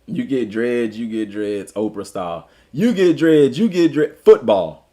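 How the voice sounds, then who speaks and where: A Southern-accented school football coach goes live, reading an article aloud and trading jokes with viewers in casual commentary. His mid-range voice moves at a moderate pace, and he chats animatedly between read passages.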